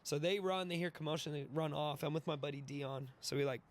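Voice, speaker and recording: A young man in his twenties, a podcast guest telling a wild story in an animated, profane way, laughing and acting out the voices. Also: a little high, a little fast. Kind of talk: casual storytelling.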